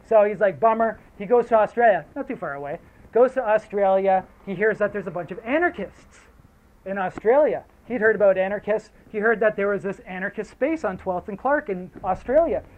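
A man's voice: sits high, expressive, brisk, phone-quality sound. A man telling a story casually, rambling and swearing, with lots of fillers, then reading aloud.

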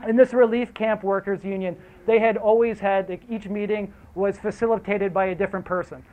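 A man giving a casual storytelling lecture, animated, slangy and profane, drifting into asides. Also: high voice, fairly quick. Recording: tinny phone-like audio.

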